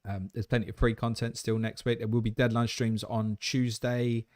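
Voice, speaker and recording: A man's voice: mid-range voice, level tone, moderate pace, darkish tone, dry recording, clean studio sound. A man hosting a live question-and-answer stream, talking in blunt, matey banter with some swearing. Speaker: host.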